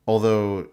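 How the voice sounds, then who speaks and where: Blunt man with a very deep voice. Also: warm tone, clean tone. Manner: blunt, mocking, laughs often. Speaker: co-host reading super chats. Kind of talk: casual livestream banter.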